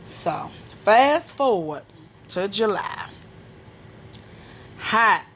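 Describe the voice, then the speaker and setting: A woman from Maryland casually telling a personal story, animated and frank with profanity, often dropping into a hushed whisper. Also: mid-range voice, drawn-out words, slight background noise. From Maryland, USA.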